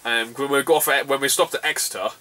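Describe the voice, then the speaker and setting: Brief: young man, chatty storyteller, bright forceful tone, a bit off-mic. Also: medium pitch, fast, distant mic. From England, southwest. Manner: laughs often, swears freely, animated retelling. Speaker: retro gaming vlogger. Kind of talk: casual storytelling.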